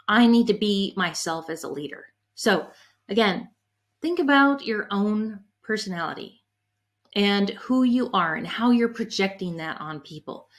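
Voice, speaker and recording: A middle-aged woman giving a conference talk on leadership, an animated storyteller who is candid and emotional about her past. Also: mid-range voice. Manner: animated storyteller, acts out quoted people in her anecdotes. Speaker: conference breakout speaker on leadership.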